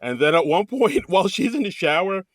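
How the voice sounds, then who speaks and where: An easygoing man co-hosting a movie podcast, talking in a relaxed way that is full of fillers and quick reactions. His voice is recorded close and dry, with no room sound around it. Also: sits high, dry recording. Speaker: podcast co-host. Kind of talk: casual chat.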